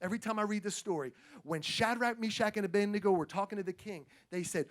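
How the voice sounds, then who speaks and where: A male pastor preaching a sermon with energetic emphasis, repeating phrases and calling out to the congregation. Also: sits high, fast talker.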